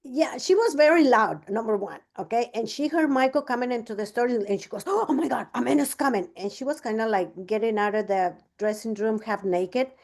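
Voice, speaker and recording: A woman's voice: on the high side, a little fast, hardly any pauses, darkish tone. A woman coaching a business team in a casual talk, telling a story and acting out both sides of the conversation. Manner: chatty, many fillers and restarts.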